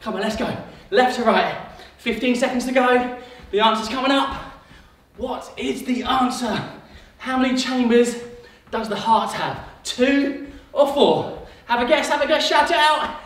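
A high-voiced man leads a kids' workout with cheerful encouragement, calling countdowns and moves between quiz questions. He sounds well away from the mic, and his voice rings around a very echoey room. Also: lively intonation, normal speed, a bit bright, recorded from a distance. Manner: upbeat, encouraging, calls countdowns and cues. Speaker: fitness coach. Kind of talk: kids workout instruction with quiz.

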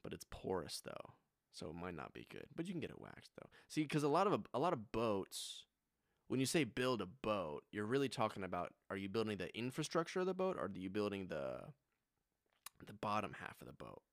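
Young southern dude streaming, joking around, really lively up-and-down voice, dry close mic. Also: male voice, fairly low pitch, a little fast, creaky, no echo. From United States. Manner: animated, joking, rambling asides. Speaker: streamer reacting to music. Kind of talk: casual reaction commentary.

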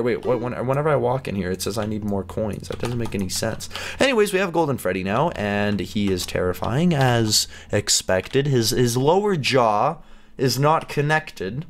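A man giving excitable let's play commentary as a gaming YouTuber, chatty and laughing often as he plays. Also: mid-range voice, moderate pace, a little hiss or hum.

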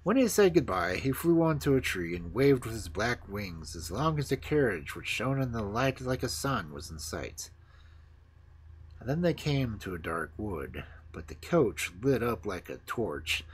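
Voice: medium pitch, big pitch swings, measured pace, husky. A storyteller reading fairy tales aloud on a livestream, switching into voices for the characters.

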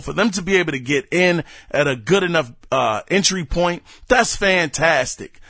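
Animated man hosting a gaming podcast. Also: fairly high pitch, dry recording, studio quality. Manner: animated, slangy, talks straight to listeners. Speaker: podcast host. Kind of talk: casual solo podcast commentary.

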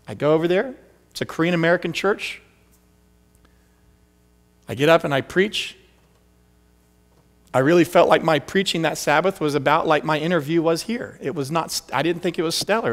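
A man's voice: fairly high pitch, brisk. A man preaching a storytelling sermon as pastor, acting out the voices of the people in his stories. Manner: animated, acts out quoted voices. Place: church sanctuary. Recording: long hall reverb.

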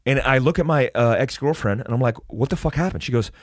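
Talking fast in a mid-range voice, a man from the United States shares a wild story in a casual podcast interview. He swears heavily and restarts his sentences in an animated way, recorded in studio quality with no echo.

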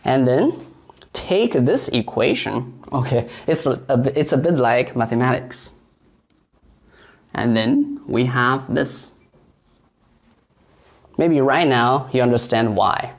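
Casting: unhurried male tutor who explains patiently and demonstrates tones. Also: medium pitch, lively intonation. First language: Mandarin Chinese. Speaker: Mandarin teacher. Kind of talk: online language lesson.

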